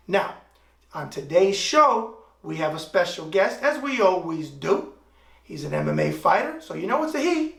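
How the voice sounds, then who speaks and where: A man's voice: high-pitched, big pitch swings, normal speed, creaky, a bit bright. Brash wisecracking male talk-show host. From US East Coast. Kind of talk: improvised monologue opening. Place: room in Tulsa, Oklahoma. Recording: roomy echo, mic at a distance.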